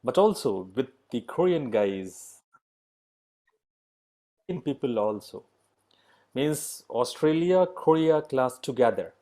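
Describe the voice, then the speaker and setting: A middle-aged man leading an online yoga class, speaking slow, halting English with many pauses and fillers. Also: medium pitch, expressive, warm tone. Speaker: yoga teacher.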